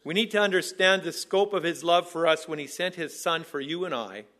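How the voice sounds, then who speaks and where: Earnest male preacher, slightly high voice. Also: a bit bright. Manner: earnest, measured, repetitive phrasing. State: out of breath. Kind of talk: sermon.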